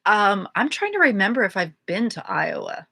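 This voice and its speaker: Brief: female co-host, mid pitch, bright dry close-mic voice, deadpan one-liners. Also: moderate pace, creaky, husky, no echo. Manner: deadpan quips. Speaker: podcast co-host. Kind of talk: news reading and comedic banter.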